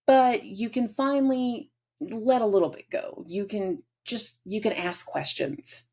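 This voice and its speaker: A woman hosting an astrology channel, giving a casual forecast and acting out everyday scenes in an animated way. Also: mid-range voice, measured pace, slightly rough.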